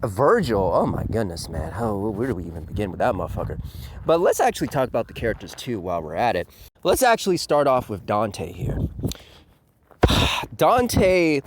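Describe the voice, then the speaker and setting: A man's voice: fairly low pitch, sing-song, normal speed, background noise. A man giving a profane, ranting review commentary full of fillers and laughs.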